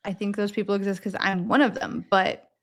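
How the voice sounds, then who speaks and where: Woman, 30s, podcast co-host, casual chat, agreeable, middle pitch. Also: level tone, brisk.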